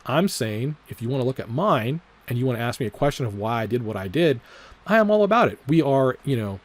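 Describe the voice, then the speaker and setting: Man, trading vlog commentary, casual, rambling, swears a lot, lots of filler words, repetitive, middle pitch. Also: animated, fairly quick. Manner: repeats his disclaimers over and over. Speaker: trading vlogger.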